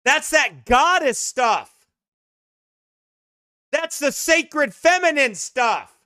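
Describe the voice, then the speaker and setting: High-voiced, scornful man preacher. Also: sing-song, extremely slow, no room sound, studio quality. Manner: emphatic, scornful, bursts into shouts. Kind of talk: sermon-style commentary.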